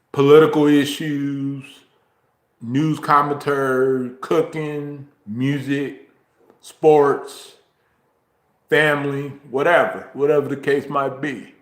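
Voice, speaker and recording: A man talking casually on his livestream, rambling slowly and filling pauses with ums. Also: medium pitch, reverberant. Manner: slow, drawn-out, rambling talk with frequent ums. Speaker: YouTuber streaming a chat. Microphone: phone, recorded while walking.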